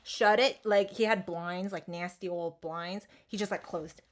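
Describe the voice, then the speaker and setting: A young woman, co-hosting a podcast and telling a story in casual chat, animated and swearing freely with lots of fillers and restarts. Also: lowish voice, a little slow. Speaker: podcast co-host.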